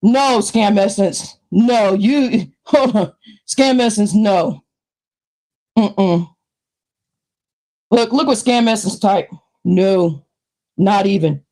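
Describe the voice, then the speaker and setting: A woman live streaming, ranting heatedly into a new microphone, swearing a lot and often shouting. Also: medium pitch, takes it slowly, long pauses, low-quality recording. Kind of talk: angry live-stream rant. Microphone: new desktop microphone.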